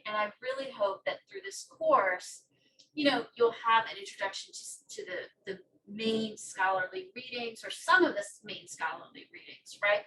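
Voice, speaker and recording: A woman with a fairly high, bright voice moderates a panel in a chatty way, often pausing on ums. She sounds somewhat far from the mic, with a faint hiss behind her. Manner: conversational, with frequent fillers. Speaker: moderator and course instructor. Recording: distant mic with faint noise.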